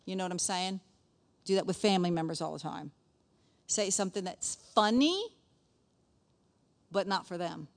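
A woman's voice: lowish voice, expressive, normal speed, pauses often. A middle-aged woman teaching to a church group in a folksy way, with laughing asides and quoted scripture. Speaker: speaker at a church gathering. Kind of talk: sermon-style teaching.

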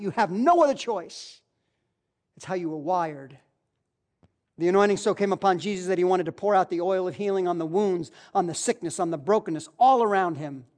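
Impassioned woman preaching a sermon. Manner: impassioned, swings between loud cries and low hushed asides; emphatic, repeats key phrases.

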